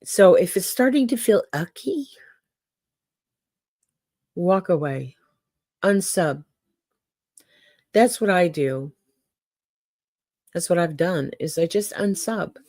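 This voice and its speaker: A woman's voice: medium pitch, animated, takes it slowly, pauses often, mellow, dry recording, clean studio sound. An older woman hosting a casual livestream, folksy and chatty, talking straight to her viewers. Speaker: livestream host.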